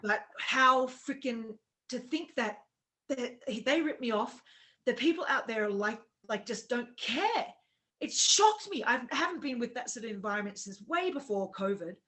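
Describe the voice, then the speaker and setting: A woman in a casual conversation, recounting a bad experience with lots of feeling and acting out what people said. Her voice is bright and forceful. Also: on the high side, lively intonation, normal speed. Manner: emotional storytelling, acts out quoted dialogue. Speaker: co-host. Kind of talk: casual chat.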